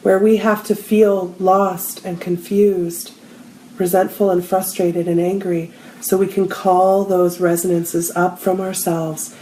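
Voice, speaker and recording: A woman shares a personal spiritual story in a relaxed group conversation. She throws herself into the quoted lines. The room around her is echoey. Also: fairly low pitch, a little hiss or hum. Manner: animated storyteller acting out quotes. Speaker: spiritual healer and co-host. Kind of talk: storytelling in a casual group talk.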